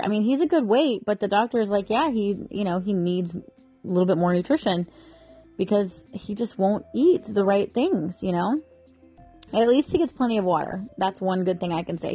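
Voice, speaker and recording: A woman's voice: medium pitch, darkish tone. A woman in her thirties talking casually to the camera from her bed at home, chatty and rambling, sounding mentally exhausted. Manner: chatty, rambling, lots of "like" and "you know". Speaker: mom vlogger.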